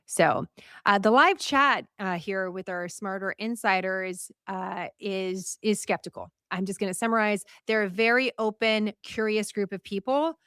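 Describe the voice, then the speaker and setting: A woman hosting a news show, talking casually to a live audience in a chatty, animated way, laughing and asking viewers what they think. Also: mid-range voice, unhurried, clear, resonant tone, dry recording, clean studio sound.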